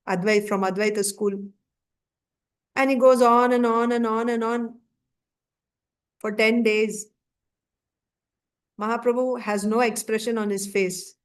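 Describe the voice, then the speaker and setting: A woman teaching a scripture class, retelling a story in a conversational way with frequent fillers and lively quoted asides. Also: on the high side, clean tone.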